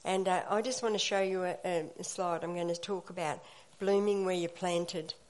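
Low-voiced woman leading a church talk. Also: fairly even intonation, moderate pace. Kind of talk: devotional talk.

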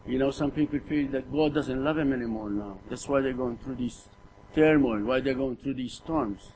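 A man's voice: mid-range voice, moderate pace, a little mellow, a little hiss or hum, rough recording. A middle-aged man preaching a sermon in an earnest way, often repeating words and putting rhetorical questions to his listeners.

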